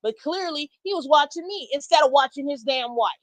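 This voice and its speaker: A woman tells a story to her listeners, blunt and animated, swearing freely as she goes. Her voice sits a little high for a woman. The sound is dry, with no room echo. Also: brisk. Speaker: streamer telling a story. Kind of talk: casual storytime.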